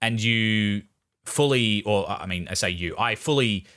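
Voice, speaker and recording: A man's voice: fairly low pitch, unhurried, bright, forceful tone. A man in a casual film discussion, thoughtful, often repeating words as he searches for the point.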